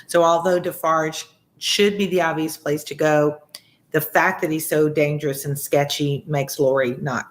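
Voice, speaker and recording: Casual tutor reading a novel aloud. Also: mid-range voice. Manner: casual explanations with fillers. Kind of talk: read-along with commentary.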